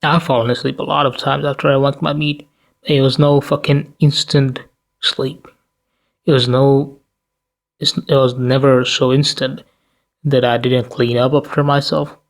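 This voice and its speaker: A man's voice: mid-range voice, flat delivery, unhurried, gravelly. A tired, sleepy man giving blunt, profane commentary and firing off rhetorical questions in a ranting vlog. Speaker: commentary vlogger.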